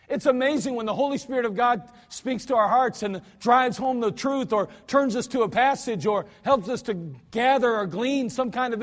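A man preaching a sermon in a folksy, emphatic manner, with lots of repetition. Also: very high voice. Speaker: pastor. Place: church sanctuary. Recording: archived church service with long hall reverb.

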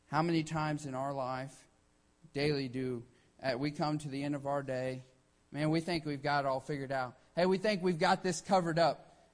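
A man's voice: a little high, fairly even intonation, moderate pace. A man preaching a sermon with emphatic delivery, often starting lines with "hey" and acting out quotes.

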